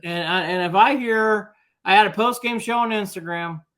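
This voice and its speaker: A man's voice: high voice, normal speed, fairly bright tone. Give me an emphatic male sports co-host. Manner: emphatic, lays out his points. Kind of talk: sports talk.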